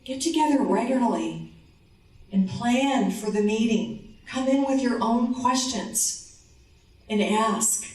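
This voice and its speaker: A woman giving a motivational conference talk. She tells a story and acts out the dialogue, dropping her voice low for the man. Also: slow, a little mellow. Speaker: conference speaker. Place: conference hall. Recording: roomy hall, distant mic.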